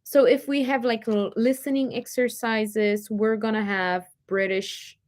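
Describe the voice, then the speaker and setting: Chatty young Polish woman, highish voice. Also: fairly even intonation, a little slow. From Poland. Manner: chatty, many fillers, reads comments aloud. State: dry throat, coughing. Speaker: livestream host answering viewer comments. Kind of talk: casual chat.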